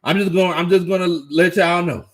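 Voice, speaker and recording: A man hosting a casual live fan reaction stream, excited, laughing often and reading out chat comments. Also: high voice, a little fast. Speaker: sports fan livestream host.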